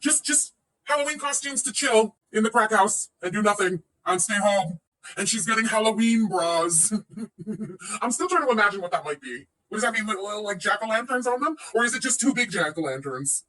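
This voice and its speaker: A woman's voice: medium pitch, animated, brisk, a bit bright. A woman in her thirties hosting a casual livestream, sarcastic and profane, laughing often as she reacts. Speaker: livestream host reacting to another streamer. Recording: voice a bit far from the mic.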